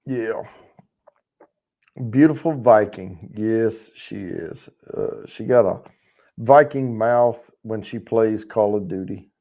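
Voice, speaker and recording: A man's voice: lowish voice, slow pace, mellow. A man hosting a casual livestream, rambling and chatting with viewers in the chat, swearing freely as he talks. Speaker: livestream host.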